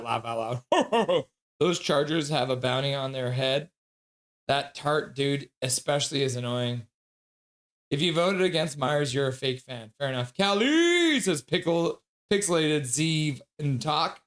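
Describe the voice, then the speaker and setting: A man hosting a casual live stream, reading out viewer chat with frequent laughs and excited outbursts. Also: medium pitch, unhurried. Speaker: livestream host.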